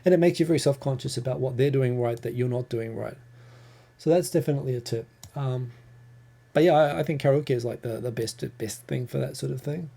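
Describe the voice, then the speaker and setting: Gravelly New Zealand man, chatty livestream host. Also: medium pitch, brisk, dark tone. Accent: New Zealand English. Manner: chatty, rambling, with frequent ums and self-corrections. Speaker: livestream host answering viewer questions. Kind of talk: casual live Q&A.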